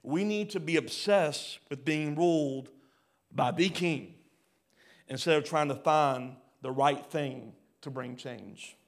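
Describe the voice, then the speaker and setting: A pastor preaching a sermon, swinging between loud rising bursts and quiet low drops. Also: male voice, slow. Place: church hall.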